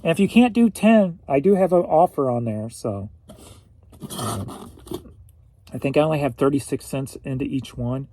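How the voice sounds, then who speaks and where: A man's voice: medium pitch, lively intonation, moderate pace, long pauses, warm tone, slight background noise. A man from St. Louis, Missouri, rambling through a casual solo reseller vlog, chatty and at times emotional. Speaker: reseller vlogger.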